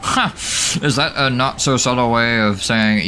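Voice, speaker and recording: A man hosting a gaming channel, giving excitable, jokey let's play commentary that is full of swearing and laughter. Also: mid-range voice, measured pace, a little hiss or hum.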